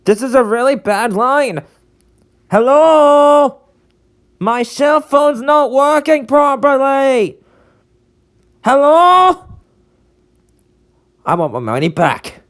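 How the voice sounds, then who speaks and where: A carefree young male conductor who loves the beach, voiced by a fan for a redub. He drawls his lines slowly and casually, full of slang. His pitch leaps and dips all over the place. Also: big pitch swings. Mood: laid-back. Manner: laid-back, slangy, drawn-out delivery.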